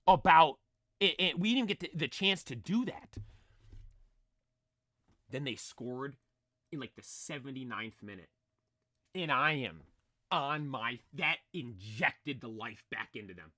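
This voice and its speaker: A man's voice: mid-range voice, expressive, a little slow, pauses often, a bit bright, no echo, studio quality. A young man telling a story with lots of energy, rambling with many fillers and restarts, his voice a little strained from screaming. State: voice nearly lost from screaming. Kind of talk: excited storytelling.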